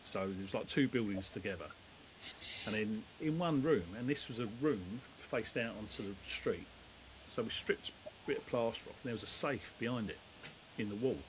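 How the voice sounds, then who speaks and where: Down-to-earth demolition boss. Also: male voice, lowish voice, normal speed, a little hiss or hum, low-quality recording. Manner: rambling, down-to-earth, lots of fillers. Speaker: guest, demolition company head. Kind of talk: casual storytelling chat.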